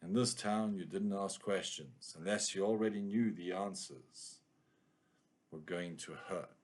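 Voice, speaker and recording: A man's voice: low voice, measured pace, pitched below the performer's own voice. A man reading a noir story aloud in the voice of a hard-boiled male detective, with clipped, brooding narration.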